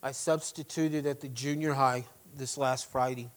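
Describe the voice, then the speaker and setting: Man, middle-aged, pastor, sermon, emphatic, loud stresses, soft asides. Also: medium pitch, steady tone, normal speed, low-quality recording. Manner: emphatic preaching, swings between loud stresses and quiet asides.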